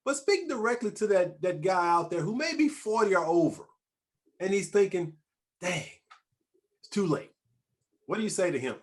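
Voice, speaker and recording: A man's voice: sits high, a little fast. A man hosting a talk show, speaking emphatically and restarting his phrases as he interviews a guest. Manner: emphatic and animated, with repeated restarts. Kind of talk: conversational interview.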